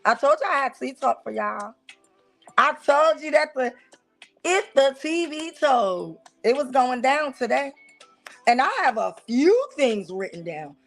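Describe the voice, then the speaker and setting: A woman with a Southern US accent hosting a casual talk show, talking straight to her viewers in an animated, preachy and teasing way. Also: high-pitched, unhurried, soft background music. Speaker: host. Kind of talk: casual commentary on church life.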